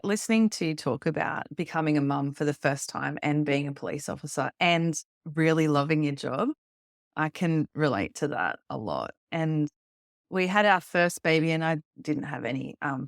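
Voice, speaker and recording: Relaxed woman hosting a podcast chat. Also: sits low, moderate pace, no room sound, clean studio sound. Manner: relaxed, relates her own experience, casual fillers. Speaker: podcast host. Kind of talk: conversational interview.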